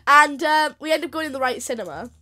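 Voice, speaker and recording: A woman's voice: high-pitched, animated, fast talker, bright, forceful tone. A woman telling a funny story to friends over gameplay, giggling as she talks. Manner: giggly, laughs through her story. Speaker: storyteller and channel host.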